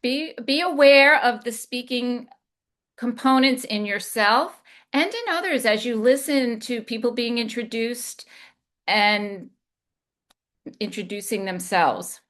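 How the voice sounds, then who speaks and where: A woman communication coach giving a deliberate instructional talk, demonstrating inflection as she goes. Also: a little high, fairly bright tone.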